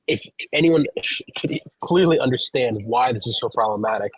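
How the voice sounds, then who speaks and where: This podcast co-host, a professional gambler, has a medium-pitched voice at normal speed, captured in a rough recording. In casual chat he explains a topic at length, walking through examples and frequently restarting his sentences.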